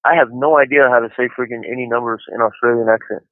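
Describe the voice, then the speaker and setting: A man's voice: mid-range voice, steady tone, fast talker, no echo. A man calling in from prison on a phone line, chatting casually and joking, often laughing and rambling. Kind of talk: casual chat over a phone call.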